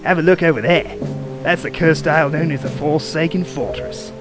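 A man voicing a bossy young female pirate captain in a put-on Cockney-then-Australian accent, talking briskly and giving orders. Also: on the high side, loud music behind the voice, natural voice. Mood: commanding.

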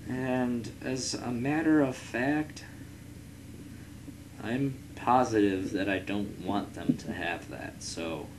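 A man's voice: medium pitch, takes it slowly, background noise. A young man casually commenting on his strategy game, rambling, swearing at rival nations and reading game text aloud. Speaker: let's player.

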